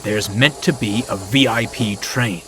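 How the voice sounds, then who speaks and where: A man's voice: fairly low pitch, measured pace, a bit bright, a little hiss or hum. A man voicing a sly, scheming male diesel engine who growls and snarls his lines. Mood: sneering.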